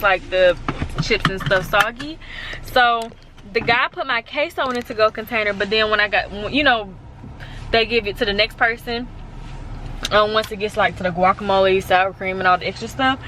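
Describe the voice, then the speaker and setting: A woman's voice: mid-range voice, a little hiss or hum. A young woman vlogger telling a story in a chatty, casual way, with plenty of fillers along the way. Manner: chatty, animated retelling with lots of fillers.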